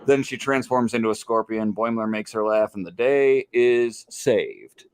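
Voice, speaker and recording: A man running through an episode recap on a podcast. He talks in a steady monotone that barely rises or falls, in the loose style of a casual chat among friends. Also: lowish voice, unhurried, clean tone. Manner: monotone delivery.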